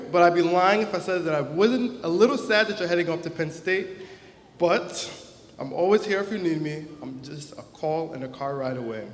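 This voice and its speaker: A young adult man, the class president, gives an earnest, heartfelt prepared graduation speech into a stage microphone, sometimes growing emotional. His high voice has a fairly bright tone, with a little hiss or hum, and the large hall adds long, echoing reverb.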